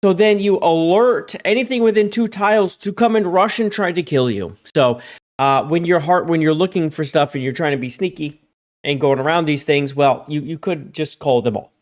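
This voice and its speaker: Man hosting a gaming livestream; loose rambling delivery with sudden bright jumps when calling out chat names. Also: normal speed. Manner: jumps high and loud when greeting chat; rambling, repeats words. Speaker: livestream host. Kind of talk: casual stream chat.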